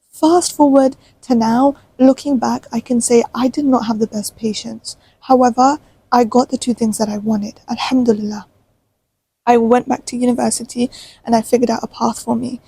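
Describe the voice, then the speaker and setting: A woman in her twenties telling a personal story to the camera in a chatty, animated way. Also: fairly high pitch, slightly rough, poor audio. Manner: chatty, animated, full of fillers. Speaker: vlogger.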